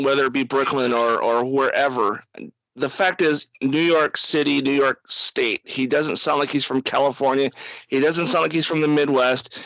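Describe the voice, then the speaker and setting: A man's voice: fairly high pitch, fairly bright tone, no echo, muffled recording. A man co-hosting a casual podcast chat, blunt and opinionated, laughing often. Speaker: podcast co-host. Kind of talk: casual chat over a call.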